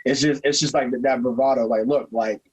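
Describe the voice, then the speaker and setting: Flat, hesitant man on a podcast. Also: mid-range voice, brisk, husky, rough recording. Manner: hesitant, repeats his words. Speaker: podcast co-host. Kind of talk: casual sports podcast chat.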